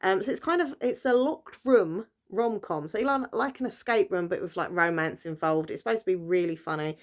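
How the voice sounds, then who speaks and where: Brief: British woman, mid-pitched, easygoing and rambling, a casual vlogger who fills her pauses. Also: animated. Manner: chatty, rambling, lots of fillers and self-corrections. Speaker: book vlogger. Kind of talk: casual chat.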